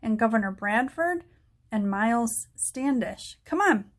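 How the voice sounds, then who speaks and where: A woman voicing a bold, excited young girl in a storybook reading. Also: on the high side, measured pace. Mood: eager. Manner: excited, cheerful.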